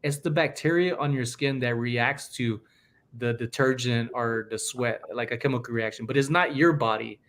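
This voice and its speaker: A man's voice: mid-range voice, normal speed. A man hosts a casual podcast chat in a mid-range voice. He tells stories with energy and mimics the people he quotes. His delivery is loose and conversational. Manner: animated storyteller acting out quoted people. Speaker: podcast host.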